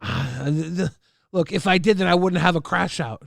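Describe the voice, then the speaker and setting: A man's voice: high-pitched, moderate pace, creaky, dry recording, clean studio sound. A man hosting a livestream, telling a boisterous, profane, exaggerated comic story to his chat. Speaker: livestream host.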